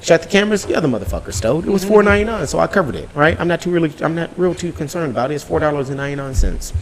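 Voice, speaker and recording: Fast-talking, animated male storyteller. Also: on the high side. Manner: animated, profane, acts out dialogue. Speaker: podcast host. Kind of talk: casual storytelling.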